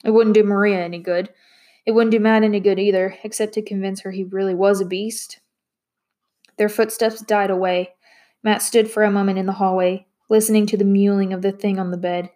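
A woman's voice: mid-range voice, little pitch movement, a little fast, mellow. Woman narrating a novel. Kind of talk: audiobook narration.

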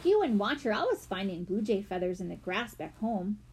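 A woman voicing a polite, calm older boy. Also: medium pitch, fairly quick, husky.

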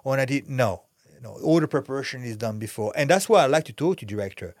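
As a podcast guest, a middle-aged actor and fighter from France talks at a quick pace and medium pitch, with a French accent. His storytelling is animated, blunt, candid, and full of swearing, and the clean studio sound has no room noise.

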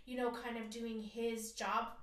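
A woman's voice: fairly high pitch, unhurried, roomy sound, recorded from a distance. A woman telling a personal story in casual conversation, acting out quotes in a raised voice. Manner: animated, acts out quoted lines in a raised voice. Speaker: guest sharing her story.

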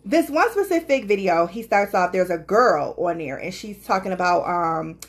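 A woman's voice: lowish voice, moderate pace. A woman co-hosting a casual podcast chat, telling stories animatedly and acting out what others said. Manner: animated storyteller, quotes people in playful voices. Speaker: podcast co-host.

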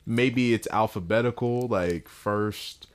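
A young man with a very low voice, chatting on a podcast in a relaxed, slangy way. He sounds easygoing and unhurried. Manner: laid-back, easygoing slang. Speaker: podcast co-host. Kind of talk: casual chat.

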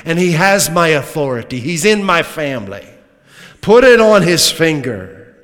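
A man preaching a sermon as a pastor, swinging from loud emphatic lines to hushed asides, with humorous remarks. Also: a little high, very animated, unhurried. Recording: long reverb of a large hall.

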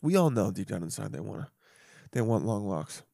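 A man's voice: fairly low pitch, sing-song, fairly quick, vocal fry, warm tone, no room sound, studio quality. A young man hosting a solo podcast, rambling and swearing freely, with self-mocking asides. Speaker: podcast host. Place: home.

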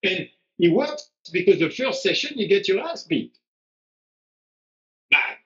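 Animated high-voiced man, lo-fi sound. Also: unhurried. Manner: animated, blunt, acts out quotes. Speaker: strength coach guest. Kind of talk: casual conversation on a live stream. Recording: dull lo-fi live stream audio.

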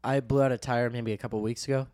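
A man's voice: medium pitch, steady tone, fast, a little mellow, no room sound, studio quality. Young man telling a rambling story. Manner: rambling storyteller, restarts, swears, jokey. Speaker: podcast co-host. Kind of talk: casual chat.

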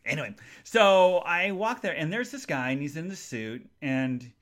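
A man's voice: on the high side, big pitch swings, normal speed, fairly bright tone. A man hosting a casual solo podcast, telling everyday stories in a chatty way with funny asides. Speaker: podcast host.

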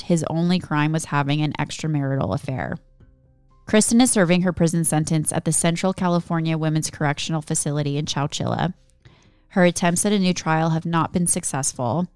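Low-voiced woman narrating true crime. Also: clear, resonant tone, no echo. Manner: giggly, chatty banter between story segments. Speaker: podcast co-host narrating a true-crime story. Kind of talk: casual true-crime storytelling.

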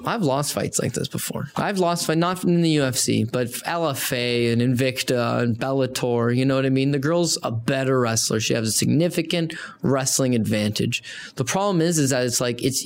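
A man who has fought professionally, talking fights and betting picks in casual podcast banter, profane and rambling with animated storytelling. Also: mid-range voice, moderate pace. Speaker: MMA analyst and fighter.

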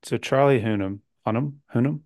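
A man's voice: medium pitch, brisk, a little mellow, dry recording, studio quality. A man hosting a podcast, chatting casually in a joking, rambling way and playfully quizzing his co-host. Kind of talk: casual chat.

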